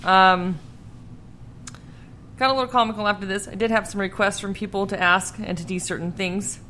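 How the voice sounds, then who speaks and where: A woman's voice: mid-range voice, fairly even intonation, normal speed, pushed and bright, slight background noise. A young adult woman co-hosting a casual podcast, rambling, swearing freely and laughing at herself. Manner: laughing, profane, self-deprecating rambling. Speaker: podcast co-host.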